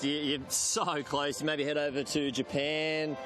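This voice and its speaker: A man's voice: on the high side, flat delivery, a little slow, music in the background. A man with an Australian accent interviewing athletes trackside, friendly and matey. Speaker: trackside reporter.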